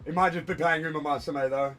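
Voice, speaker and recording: A man's voice: fairly high pitch, steady tone, fast, fairly bright tone. A man chatting casually on a hobby livestream from a room at home, rambling and self-deprecating while he works at his desk. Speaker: streamer.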